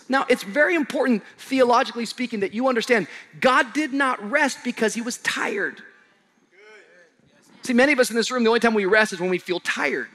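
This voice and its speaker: A male pastor preaches to his congregation in a high, bright, forceful voice. His delivery is animated and slangy, with bursts of shouted emphasis and quieter low asides. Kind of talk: sermon to a live congregation.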